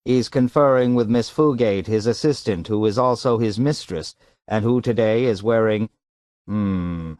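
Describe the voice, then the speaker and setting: Male reader playing a tinny robot psychiatrist in a suitcase, prim and touchy, higher than his narrating voice, very dry sound. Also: a little slow, darkish tone, dry recording, lightly acted. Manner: prim, fussy, huffy.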